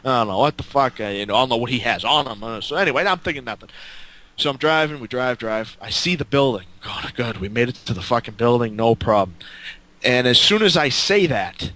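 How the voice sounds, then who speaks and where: Man, casual storytelling, profane and rambling, bright forceful voice. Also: medium pitch, lively intonation, fairly quick. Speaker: storyteller guest.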